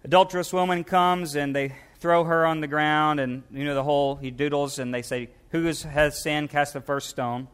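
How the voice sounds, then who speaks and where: A middle-aged pastor from Louisiana preaching a sermon, animated, dropping his voice low and soft for quoted scripture. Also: normal speed, hardly any pauses, smooth.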